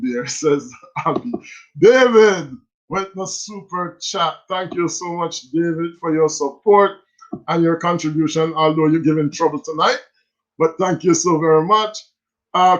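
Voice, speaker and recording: Jamaican male stream host, high-pitched, animated patois chat, muffled lo-fi audio. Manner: animated, switches into patois, reads viewer messages aloud. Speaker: livestream host. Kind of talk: casual livestream chat reading comments.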